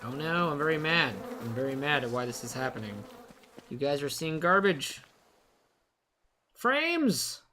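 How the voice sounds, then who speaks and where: A young man commenting live on his own gameplay, excitable, rambling and poking fun at himself. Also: medium pitch, brisk. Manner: excitable, rambling, self-mocking. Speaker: game streamer.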